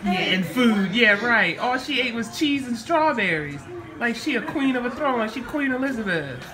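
A woman's voice: on the high side, expressive, moderate pace, a crowd in the background. A young woman vlogging casually at a family holiday gathering, coughing and congested, chatty and teasing as she talks to her viewers. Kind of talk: casual home vlog chat.

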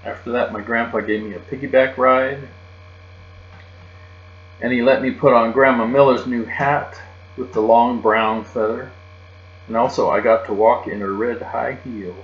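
Here the audiobook reader, a man, voices a children's story as a child telling it in first person, speaking at a measured pace in a steady, mid-range tone. Mains hum runs through a roomy, dull-sounding recording.

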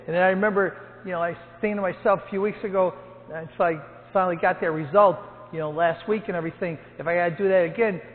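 A priest in his seventies, a hospital chaplain, telling jokey stories to his parish and acting out the quotes. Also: sits high. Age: 70s. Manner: storytelling, jokey, acts out quotes loudly. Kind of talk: humorous talk to a parish gathering. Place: church. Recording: tinny, with long hall echo.

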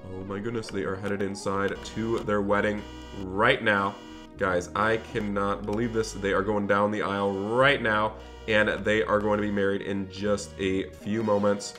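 A man hosting a game role-play video, chatting upbeat and directly to his viewers. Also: fairly low pitch. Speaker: gaming channel host.

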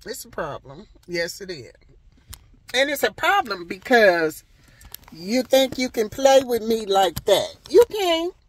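A woman's voice: a little high, very animated, takes it slowly, poor audio. A woman telling a storytime vlog from her parked car outside a hospital, sassy and emphatic, repeating herself for effect, recorded on a handheld phone camera. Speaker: vlogger.

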